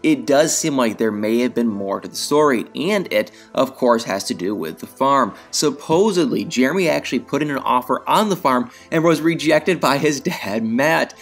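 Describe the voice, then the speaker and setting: A man hosting a celebrity gossip commentary, telling the story in a dramatic, chatty way with rhetorical questions. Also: medium pitch. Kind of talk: scripted commentary.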